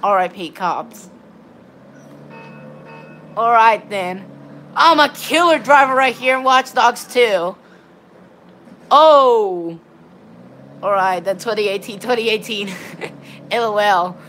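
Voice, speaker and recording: A woman giving excitable, rambling live commentary on her gameplay while chatting with viewers. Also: mid-range voice, unhurried, pauses often, a little hiss or hum. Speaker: game streamer.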